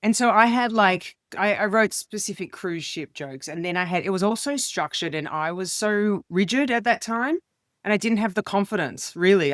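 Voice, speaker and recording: Lively woman telling stories. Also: dry recording, studio quality. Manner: expressive, acts out quoted voices with big pitch jumps. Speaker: guest, comedian and speaker. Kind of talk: animated storytelling in an interview.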